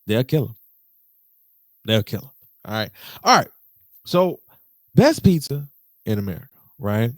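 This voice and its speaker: Animated young podcast host. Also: male voice, dry recording, clean studio sound. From Detroit. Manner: animated and slangy, jumps to high excited pitch, mimics voices. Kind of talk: casual solo podcast storytelling.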